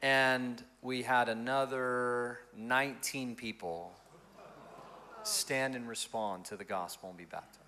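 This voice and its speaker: A male pastor telling stories in an interview, in an animated and expressive way. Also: medium pitch, slow pace, a little hiss or hum. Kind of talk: storytelling in an interview.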